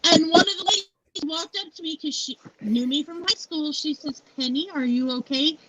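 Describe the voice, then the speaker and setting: Speaking at a moderate pace in a very high, slightly bright voice, this woman in her forties, a founder and CEO, recounts a personal story during a live interview. She is frank and blunt, swears freely, and leans on "you know" often, all through muffled, lo-fi live stream audio.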